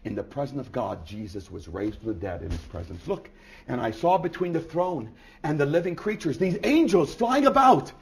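Reading from scripture, a preacher at a medium pitch delivers an expository sermon that swings between quiet, hushed moments and loud, forceful outbursts, driven by rhetorical questions he asks again and again.

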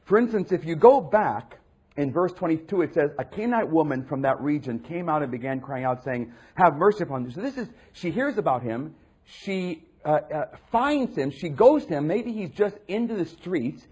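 A man preaching a sermon, animated, acting out the voices of the people in the passages he reads. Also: on the high side, moderate pace, husky. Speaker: pastor.

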